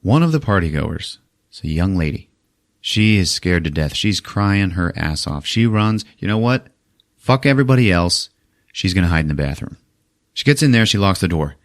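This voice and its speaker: Male podcast host, low voice with big swings, loose and profane recap chat. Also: normal speed. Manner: animated, swears a lot, acts out characters' lines. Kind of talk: casual movie recap.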